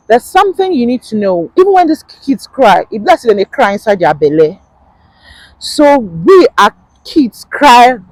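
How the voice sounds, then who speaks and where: A woman's voice: medium pitch, darkish tone, no room sound, low-quality recording. A woman with a Nigerian accent giving casual advice in a chatty vlog, laughing often and repeating points for emphasis. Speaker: vlogger.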